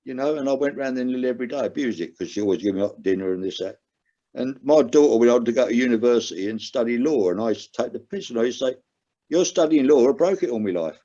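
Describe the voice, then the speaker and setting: A man's voice: mid-range voice, fast, warm tone. An older man with an earnest, emotional way of talking, telling his own story as a podcast guest. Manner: earnest, emotional, rises sharply when stressing a point. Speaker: guest, recovering gambler. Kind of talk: candid personal storytelling. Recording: dull lo-fi sound.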